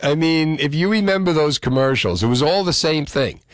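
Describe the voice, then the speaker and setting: A man hosts a call-in radio show and keeps the talk bouncy, with a lively, swooping delivery. His voice sits on the higher side and sounds dry and close. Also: moderate pace, no echo. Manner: lively, animated, joking with callers. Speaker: radio host.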